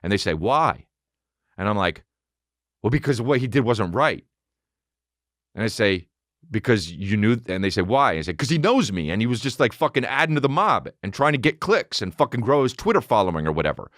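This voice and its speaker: Guy in his 30s ranting a story on his podcast, lowish voice, swears a lot, does all the voices, dry close mic. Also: dry recording. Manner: profane, animated, acts out both sides of conversations. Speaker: podcast host. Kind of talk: casual comedic storytelling.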